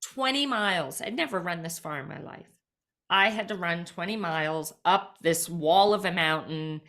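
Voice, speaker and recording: Woman, bright clear tone, slightly low pitch, animated storyteller, casual fillers. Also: moderate pace. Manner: frequent "like" fillers, lively retelling. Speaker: podcast guest.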